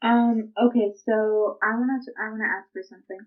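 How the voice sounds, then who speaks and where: A woman's voice: a little high, fairly even intonation, fairly quick. A woman playing a tabletop game, eagerly asking questions. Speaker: player. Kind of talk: casual tabletop game chat. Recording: dull lo-fi recording.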